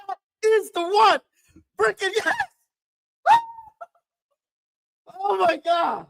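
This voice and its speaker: High, bright-voiced excited man. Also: takes it slowly, vocal fry, pauses often. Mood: ecstatic. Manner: shouting and whooping with excitement, laughing often. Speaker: fan streamer hosting a watch party. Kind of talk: excited live sports watch-party chat.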